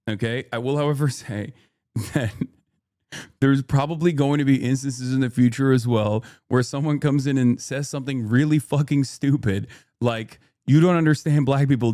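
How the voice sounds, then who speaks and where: A man's voice: medium pitch, darkish tone, no echo, studio quality. A man hosting a livestream in casual commentary, talking bluntly with plenty of swearing, thinking aloud and arguing back at his chat. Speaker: livestream host.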